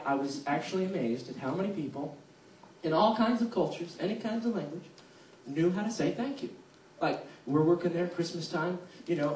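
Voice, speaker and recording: A man doing a sarcastic stand-up comedy set, telling stories in a small theater with a live audience. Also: sits high. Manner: sarcastic, animated storytelling. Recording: echoey room from far off, faint noise.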